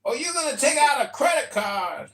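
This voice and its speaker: A woman hosting a live comedy stream, reading mock sponsor announcements in a sarcastic, deadpan way. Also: sits high, moderate pace. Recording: roomy live-stream audio.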